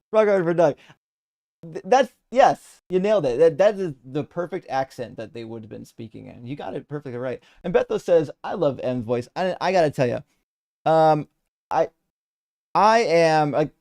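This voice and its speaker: A man's voice: fairly high pitch, lively intonation, normal speed, vocal fry, darkish tone. A man hosting a live debate stream, chatting casually and reading out viewer comments, rambling with lots of restarts and casual swearing.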